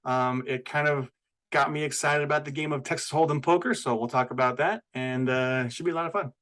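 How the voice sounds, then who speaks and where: A man co-hosting a podcast, talking about movies in a relaxed, conversational way. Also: mid-range voice, brisk, poor audio. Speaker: podcast co-host. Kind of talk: casual film chat.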